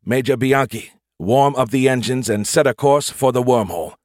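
A man's voice: mid-range voice, normal speed, darkish tone, dry recording, clean studio sound, close to an everyday voice. A man playing a terse starship colonel. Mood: terse command. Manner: terse, matter-of-fact orders. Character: gruff male senior colonel commanding a ship.

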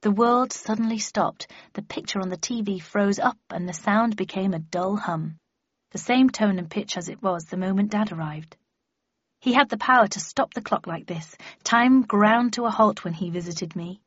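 Brief: husky woman, first-person audiobook narration, dry close mic, dull sound. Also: mid-range voice, moderate pace, dry recording. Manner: steady storytelling reading.

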